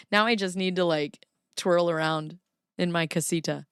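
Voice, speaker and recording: A woman's voice: fairly low pitch, fairly even intonation, normal speed, smooth, dry recording, clean studio sound. A middle-aged woman hosting a casual livestream. She talks playfully, laughs often, chats with her viewers and reads court filings aloud. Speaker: livestream host.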